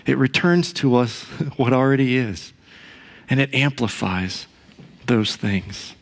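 A middle-aged pastor preaching a sermon, telling a personal story in a conversational way with frequent asides and tag questions. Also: male voice, medium pitch, slow pace.

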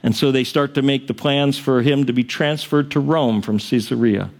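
A man's voice: medium pitch, steady tone, normal speed. A male pastor preaching a sermon, retelling a story in a casual, conversational way with frequent asides.

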